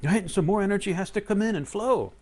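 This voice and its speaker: A man giving a live-streamed spiritual talk, animated and playful, often acting out excited inner voices. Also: high voice, fast talker. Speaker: spiritual teacher.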